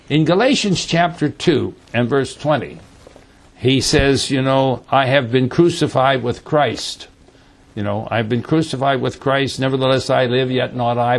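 A man teaching through a Bible passage, explaining slowly and repeating key words, often checking in with "okay?". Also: medium pitch. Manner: slow, repetitive explaining with frequent "okay?" checks.

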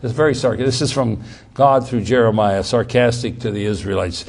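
A man preaching a sermon. He repeats key words for emphasis, restarts his sentences, and swings between loud emphatic passages and quiet asides. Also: mid-range voice, fairly quick, creaky, slightly rough.

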